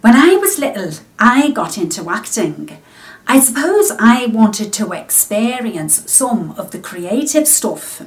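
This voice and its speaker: A woman's voice: on the high side, big pitch swings, slow. A woman doing a chatty Liverpool amateur actress. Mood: earnest. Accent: attempted Scouse. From Australia. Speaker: vocal coach.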